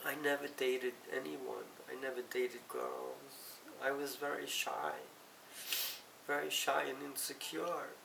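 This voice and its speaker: Middle-aged woman, slow and halting emotional confession on the verge of tears; distant mic in an echoey room. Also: rumbling low, steady tone, vocal fry, a bit bright. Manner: halting, tearful, self-correcting. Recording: roomy, distant mic, faint hiss.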